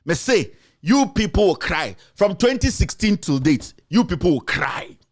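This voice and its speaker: High-pitched Ghanaian man ranting. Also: very animated, moderate pace. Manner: repetitive, accusatory, emphatic; mixes in another language. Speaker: commentator. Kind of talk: heated political rant.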